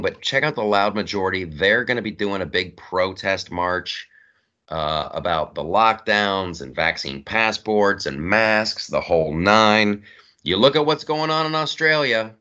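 A man co-hosting a podcast, talking in a lower register with a bright, lively delivery that swings up and down. He leans hard on his points and repeats phrases for emphasis. The sound is a little dull and lo-fi. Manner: animated, emphatic, repeats himself. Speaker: podcast co-host. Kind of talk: casual political chat.

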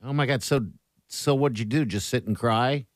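A man hosting a morning radio show in casual chat, reacting with quick exclamations and laughter. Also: medium pitch, dry recording, studio quality. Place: radio studio.

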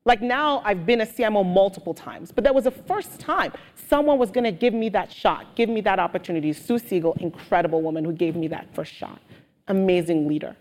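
A woman guest speaker telling stories with animated energy in a live on-stage interview. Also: mid-range voice, brisk. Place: auditorium with audience. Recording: long hall reverb.

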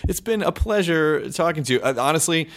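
An American man hosting a podcast interview, enthusiastic and excitable, swearing casually. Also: a little high, brisk. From United States. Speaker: podcast host.

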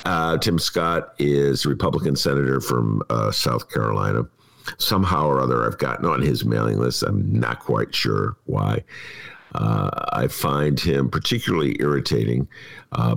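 A man hosting a casual podcast conversation, giving opinionated, animated commentary. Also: very deep voice, gravelly. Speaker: podcast host.

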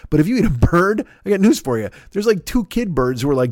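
A man's voice: a little high, very animated, fast, few pauses, a little mellow, dry recording, clean studio sound. A man hosting a podcast, delivering a rambling, profane comedic monologue full of restarts and stammers. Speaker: podcast host.

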